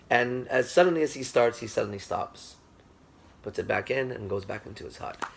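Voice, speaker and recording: A man teaching through storytelling, animated and speaking straight to his listeners, with a gravelly, husky voice. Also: on the low side. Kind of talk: storytelling lecture.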